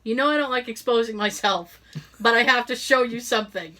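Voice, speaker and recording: Heavy background noise sits under this middle-aged podcast co-host's slightly high, fairly quick voice. Chatting casually, she recounts a story, voices its characters with lively animation, and laughs frequently.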